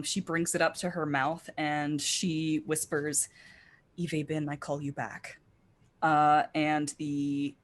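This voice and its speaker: A woman's voice: low-pitched, a bit bright. A woman playing in a tabletop game, describing her character's actions in a hesitant way with many fillers. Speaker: player. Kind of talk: casual tabletop game play.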